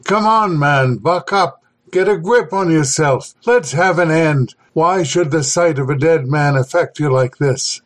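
Man voicing a stubborn explorer, gruff, demanding, raised pitch. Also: measured pace, few pauses. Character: stubborn, brusque male explorer.

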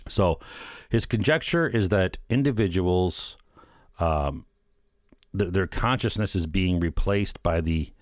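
Man, middle-aged, low pitch, dead dry room, rambling casual commentary, wry chuckles, lots of fillers. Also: animated, slow, no room sound. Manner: rambling, fillers, keeps asking "right?". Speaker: solo commentator.

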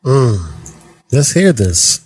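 A man's voice: mid-range voice, very animated, very slow, darkish tone, husky, dry recording. A man co-hosting a casual podcast, teasing and egging on his guests. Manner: playful, teasing hype man. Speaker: podcast co-host. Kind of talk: casual chat.

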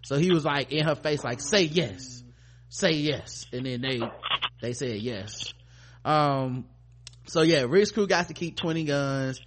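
A man's voice: medium pitch, fairly bright tone. A man hosting a podcast, recapping a TV episode in loose, profane casual chat and mimicking the characters as he goes. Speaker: podcast host.

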